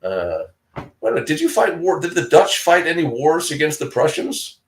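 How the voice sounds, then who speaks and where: Danish man telling lively chat stories. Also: fairly high pitch, normal speed, a little hiss or hum, poor audio. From Denmark. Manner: chatty storyteller, laughs often, acts out voices. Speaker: co-host of live chat. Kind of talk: casual live-stream chat.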